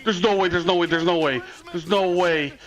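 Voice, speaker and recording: A man streaming a watch party, reacting to a live esports match with loud swearing, constant "dude," and yelling at big plays. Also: high-pitched, fairly quick.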